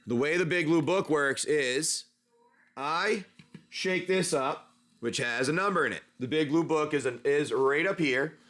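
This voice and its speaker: Slightly high and a bit bright, a man's unhurried voice carries a casual livestream where he opens card packs. He's chatty and rambling, talking as he handles the cards and wandering through an improvised adventure story.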